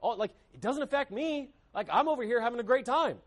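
A man's voice: very high-pitched, lively intonation, brisk. A man preaching a sermon with emphasis, acting out quoted voices. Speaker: pastor.

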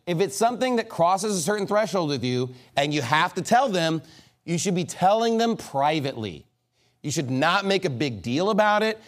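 Male pastor, sermon, chatty delivery, somewhat higher voice, acts out quotes. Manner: conversational preaching with acted-out dialogue. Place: church sanctuary.

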